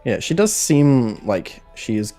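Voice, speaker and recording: A man's voice: mid-range voice, big pitch swings, unhurried, mellow, soft background music. A man co-hosting a casual podcast chat, blunt and wry, laughing often. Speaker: podcast co-host.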